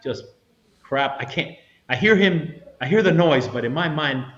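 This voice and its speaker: A man's voice: on the high side, normal speed. Roomy-sounding middle-aged male storyteller. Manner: animated storyteller, acts out quotes, frequent restarts. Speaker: retired federal agent, interview guest. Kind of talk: storytelling in a podcast interview. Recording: roomy, slightly dull sound.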